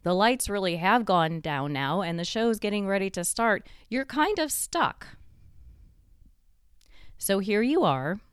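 A woman's voice: mid-range voice, moderate pace, hardly any pauses, clear, resonant tone, no room sound, studio quality. A woman host telling a guided second-person story in a conversational way, drawing the listener into the scene.

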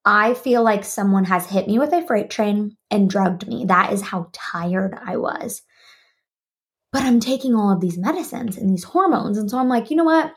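A woman's voice: medium pitch, normal speed. A woman hosting her own podcast, sharing a personal story and animatedly acting out remembered conversations, speaking from her home office desk. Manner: animated, acts out remembered dialogue. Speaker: podcast host.

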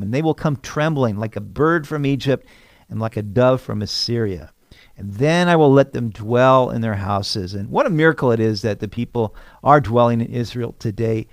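A man's voice: fairly high pitch, no room sound. A man, a pastor, reading scripture aloud and then explaining each verse in plain words. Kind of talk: Bible teaching devotional.

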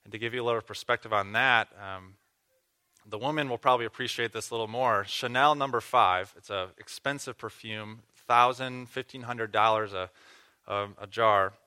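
A man preaches a sermon, walking his listeners through a passage. His voice is bright and forward, and he teaches earnestly, asking questions and restarting phrases as he goes. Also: on the low side, normal speed, clear, resonant tone. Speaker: pastor.

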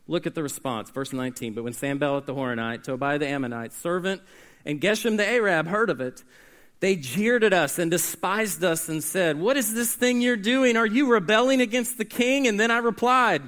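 Bright-voiced male pastor preaching. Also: sits high, expressive, moderate pace. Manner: dynamic, swings from hushed to loud and emphatic; call-and-response with the congregation. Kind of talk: sermon.

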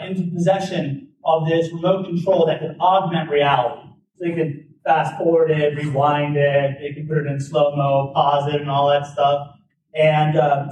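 A man telling a personal story in a talk, informal, with lots of "like" fillers and restarts. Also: a little high. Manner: informal, many "like" fillers and restarts, lively retelling. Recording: roomy, distant mic, faint background noise.

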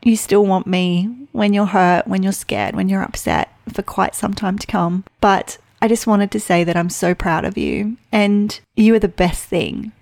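Solo woman podcast host in her 30s, reflective and heartfelt, gravelly fry in the voice, dry close sound. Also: medium pitch, steady tone, darkish tone, no echo. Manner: heartfelt, reflective, quick chatty delivery. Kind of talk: personal podcast monologue.

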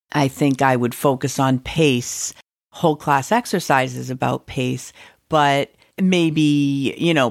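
Low-voiced woman teacher hosting a podcast. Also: dry recording, studio quality. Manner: conversational, musing aloud with fillers. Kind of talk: educational podcast talk.

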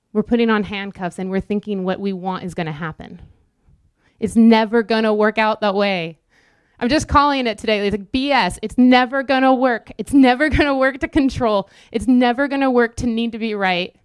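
A woman's voice: medium pitch, darkish tone, clear, resonant tone, no echo, clean studio sound. A woman preaching a sermon, emphatic and repetitive, acting out quoted inner voices.

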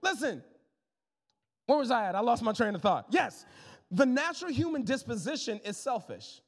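A man in his thirties, a pastor preaching a sermon in a lively, conversational way with jokes and asides to the congregation. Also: very high-pitched, normal speed, long reverb tail.

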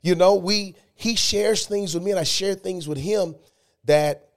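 A man's voice: sits high, unhurried. Emphatic storytelling man. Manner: animated, emphatic storytelling with rising excitement. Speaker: guest. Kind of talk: storytelling interview.

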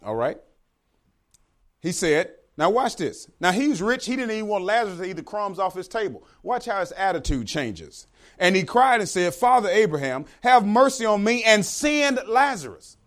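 A man's voice: sits high, sing-song, moderate pace, a bit bright. A man preaching a sermon as pastor, talking to the congregation and acting out the voices of the characters in the story.

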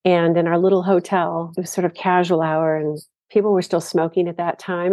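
Low-voiced woman telling stories. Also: little pitch movement, normal speed, dark tone, dry recording. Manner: storytelling, enthusiastic. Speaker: guest, designer. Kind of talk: casual interview talk.

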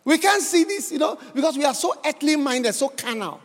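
A man from Ghana preaching a sermon in a church hall, building to shouted, sing-song emphasis. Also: extremely high pitch, lively intonation, a little fast.

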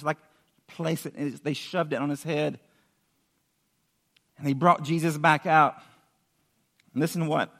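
A man preaches to a room in a lively, casual storytelling style, tossing out questions and working with props. His voice is high for a man and bright, with a quick, informal delivery. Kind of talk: sermon.

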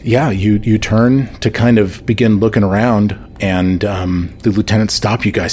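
A man's voice: fairly low pitch, steady tone, normal speed, few pauses, a little mellow, soft background music. A man narrating a tabletop game as game master, rambling with many fillers.

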